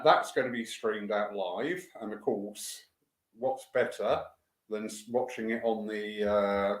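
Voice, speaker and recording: In a church hall with a roomy sound, a mid-range male voice belongs to a church event organizer casually announcing the day's programme. He's chatty and enthusiastic, full of fillers and asides.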